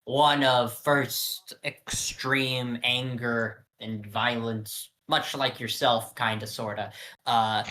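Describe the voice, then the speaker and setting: A player in a tabletop game, describing a scene loosely with lots of fillers. The voice is bright and forceful, and the delivery is slow. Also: mid-range voice, steady tone.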